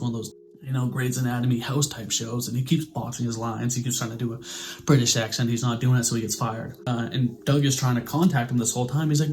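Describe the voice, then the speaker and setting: A man casually reviewing a movie, swearing now and then and jumping into quick impressions of the characters. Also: medium pitch. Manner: animated, acts out characters' lines in quick impressions.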